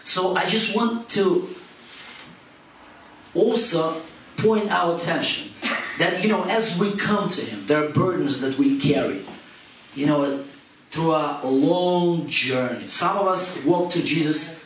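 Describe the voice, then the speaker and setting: A man preaching a sermon as youth pastor, swinging between rising emphatic questions and soft, low drops. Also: slow, pauses often, a little hiss or hum. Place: church hall. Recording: echoey, distant, dull church room recording.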